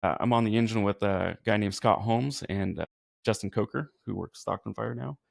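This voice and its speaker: A man's voice: fairly low pitch, moderate pace, gravelly, dry recording, studio quality. A man from California, a firefighter guest, telling his story in an earnest, easygoing way. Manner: earnest, self-described goofy, easygoing. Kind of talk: casual storytelling.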